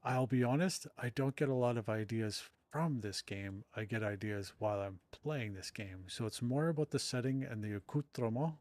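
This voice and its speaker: A man's voice: fairly low pitch, moderate pace, few pauses, a little mellow, dry recording. A middle-aged man chatting casually with his live-stream audience while playing, self-deprecating and rambling. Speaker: streamer and author.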